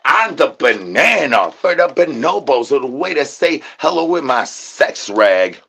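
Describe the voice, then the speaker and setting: A man's voice: medium pitch, big pitch swings, unhurried, gravelly, slightly rough. A man ranting an absurd comedy monologue full of rhyming nonsense slang and stuttered repeated words. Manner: shouts out catchphrases. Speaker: comedy channel host. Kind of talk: absurd improvised comedy rant.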